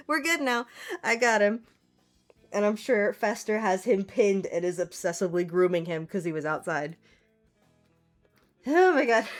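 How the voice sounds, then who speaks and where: A woman's voice: medium pitch, sing-song, unhurried, pauses often, soft background music. A woman artist chatting casually on a livestream from home, laughing often and talking to her cat. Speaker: artist streamer.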